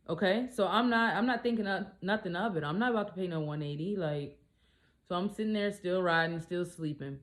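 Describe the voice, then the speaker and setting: A woman and single mom telling a story in a casual vlog, animated and blunt, swearing freely. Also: fairly low pitch, brisk.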